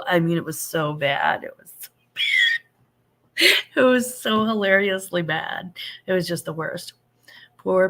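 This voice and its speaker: A woman's voice: on the low side, fairly bright tone. A woman in her fifties hosting a casual live-stream chat. She rambles happily with lots of fillers and restarts, and greets viewers with pet names like sugar and honey. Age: 50s. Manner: affectionate, greets viewers with endearments.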